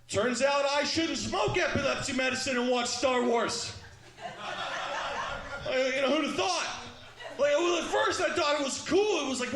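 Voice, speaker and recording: A male comedian works through his set with a loud, punchy delivery, acting out little exchanges as he goes. His voice sits very high and sounds bright and forceful. The room around him rings with echo. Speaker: stand-up comedian.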